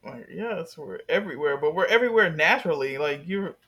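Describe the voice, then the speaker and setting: A young adult in a casual chat, telling a story with lively energy and plenty of swearing. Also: mid-range voice, a little fast, slightly rough. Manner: animated storyteller, swears freely.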